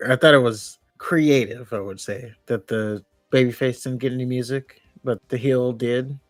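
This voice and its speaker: A man's voice: medium pitch, steady tone, normal speed, dry recording, clean studio sound, faint music behind. A man co-hosting a podcast, making wry, chuckling asides in casual chat. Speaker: podcast co-host.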